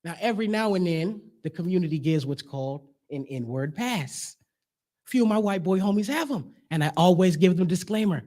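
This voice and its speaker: A man with a high-pitched voice delivering spoken word in a church sanctuary. He is rhythmic and emphatic, mixing in casual slang. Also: lively intonation, normal speed, dark tone. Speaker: guest speaker.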